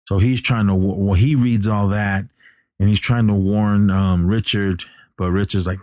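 A man with a very low, mellow voice recaps a film plot in a relaxed, halting way, full of restarts and filler sounds. The sound is dry and close, with no room echo.

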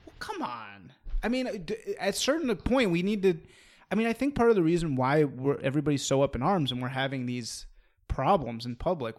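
A man's voice: fairly high pitch, a little mellow. A man telling a long story in casual chat, rambling and swearing, restarting his sentences often. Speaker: storyteller in a conversation.

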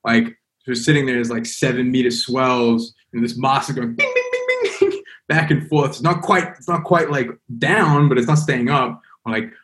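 A man's voice: medium pitch, moderate pace. Man telling a rambling adventure story. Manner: animated, rambling, heavy on fillers. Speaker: podcast guest. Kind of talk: casual storytelling.

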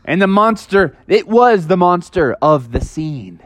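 Man storyteller for children: animated, dramatic, high voice with lots of swing. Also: measured pace, no room sound, studio quality.

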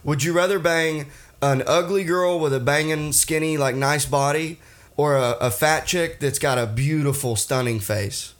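A man's voice: fairly high pitch, normal speed. A man hosting a podcast in casual chat, laughing easily and firing off questions. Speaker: podcast host.

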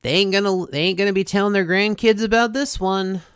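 A podcaster briefly putting on a gloating male henchman, pitched higher and louder than their own voice. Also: fairly even intonation, fairly quick, clear, resonant tone, no room sound, studio quality, lightly acted.

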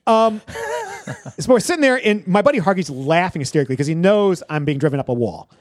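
Animated man, lively high voice. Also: fairly quick, no echo, studio quality. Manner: animated storytelling, laughs often. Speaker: podcast co-host. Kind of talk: casual movie review chat.

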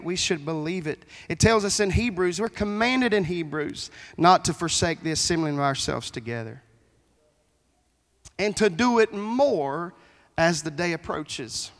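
A man preaching a folksy sermon as pastor, with a high voice. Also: fairly bright tone. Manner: folksy preaching with Southern phrasing. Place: church sanctuary. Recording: long hall reverb in a church.

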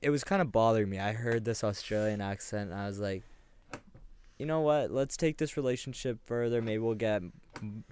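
A man's voice: on the low side, fairly quick, a little mellow, a little hiss or hum. A young man co-hosting a podcast, telling crude jokey stories in casual chat. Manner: joking, storytelling, crude. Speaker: podcast co-host.

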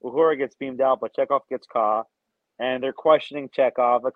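A man's voice: medium pitch, fairly even intonation, brisk, no echo. A man co-hosting a podcast, talking casually and eagerly, crude at times and often repeating himself. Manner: enthusiastic, crude, repeats words. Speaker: podcast co-host. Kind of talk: casual film review chat. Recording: dull, dry, slightly lo-fi.

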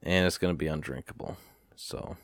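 A man hosting a podcast, telling a story in a casual, profane, rambling rant with animated retellings. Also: very deep voice, a little fast, no room sound. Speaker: podcast host.

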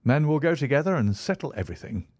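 A man voicing an eager, brilliant young male detective, talking quickly and enthusiastically in a raised voice. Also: medium pitch, very animated, darkish tone, breathy edge, no room sound, clean studio sound, voice pushed up. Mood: merry.

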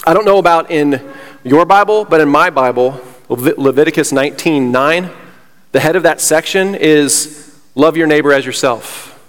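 A man's voice: a little high, normal speed. A man preaching a sermon as pastor, fired up and slightly out of breath, emphatic and repeating himself. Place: church sanctuary. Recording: long hall reverb.

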